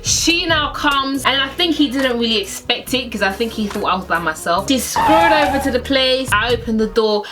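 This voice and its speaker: A young woman tells a story from her own life in a relaxed vlog style, and she acts out every quoted line with dramatic jumps in pitch. Her voice sits a little high. Soft music plays faintly underneath. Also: moderate pace, hardly any pauses. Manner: animated, acts out quotes with big pitch swings. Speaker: storyteller vlogger. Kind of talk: casual story time.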